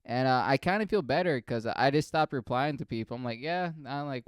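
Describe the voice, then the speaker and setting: A man's voice: medium pitch, lively intonation, fairly quick, hardly any pauses, clean tone, dry recording, clean studio sound. A young man from Africa telling a profane, exasperated comedic story in a casual rant.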